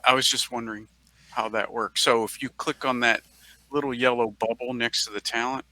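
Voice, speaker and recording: A man's voice: mid-range voice, steady tone, brisk, pushed and bright, no echo. A man playing in a tabletop game, chatting casually and asking curious questions. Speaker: player.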